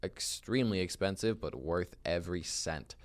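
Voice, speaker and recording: A young man hosting a casual radio studio chat, full of random jokes and quick tangents. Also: low voice. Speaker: radio show host.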